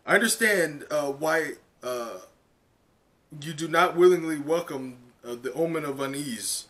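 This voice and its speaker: A man voicing a formal school official, reading haltingly with many fillers. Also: fairly high pitch, fairly bright tone.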